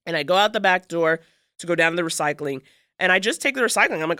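A woman's voice: fairly low pitch, expressive, fast, bright, forceful tone, no room sound, studio quality. A woman co-hosting a podcast, telling a story in a rambling, self-mocking way, full of fillers. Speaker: podcast co-host. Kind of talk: casual storytelling chat.

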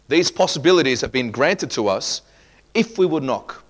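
A man's voice: mid-range voice, lively intonation, moderate pace. A man preaching a sermon as pastor, emphatic, acting out quoted people in asides.

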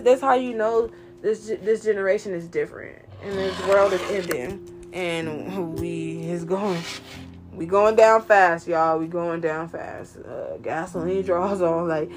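A woman with a medium-pitched voice hosts a casual commentary chat. She's animated and slangy, ranting and mocking people by imitating their voices.

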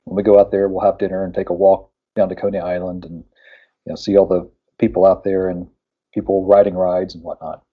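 A man's voice: low-pitched, little pitch movement, fairly quick, husky, narrow, tinny audio. A man from West Virginia chatting casually on a radio show, rambling with lots of fillers and restarts.

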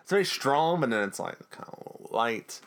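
A man's voice: mid-range voice, very animated, moderate pace. A man co-hosting a podcast, casually recapping a TV episode in a jokey, rambling way. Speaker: podcast co-host.

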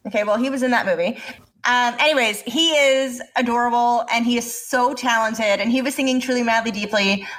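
High-pitched woman podcaster, fired up, swears a lot, casual rant. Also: a little fast. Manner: animated, ranting, swears, laughs often. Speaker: podcast co-host. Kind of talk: casual chat.

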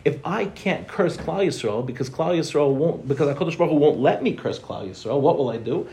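A young man teaching a Torah class in a quick, joking way, throwing rhetorical questions at his listeners. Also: on the high side, expressive, dark tone.

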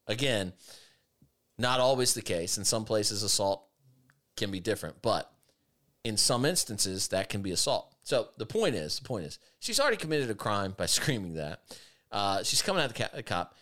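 Emphatic man with a lively voice. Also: fairly low pitch. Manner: emphatic, argumentative, swings between fast and drawn-out. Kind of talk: opinionated commentary chat.

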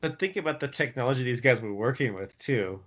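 A man's voice: mid-range voice, animated, brisk, a bit bright. A man co-hosting a podcast in casual chat, easygoing and musing, with many "you know"s. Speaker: podcast co-host. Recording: dull lo-fi podcast audio.

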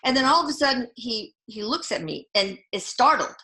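A middle-aged woman with a bright, forceful voice tells her stories in a casual interview. She stops and restarts often and leans on fillers. The sound is roomy and echoey. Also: a little high, expressive. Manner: halting, full of fillers and restarts. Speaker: guest. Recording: echoey room.

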